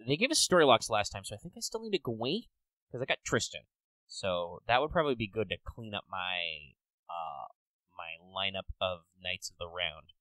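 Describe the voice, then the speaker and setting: Bright-sounding podcast dude, laid back, dry close mic, wry jokes. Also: male voice, on the low side, very animated, moderate pace, no room sound, rough recording. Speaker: podcast co-host. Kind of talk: casual chat.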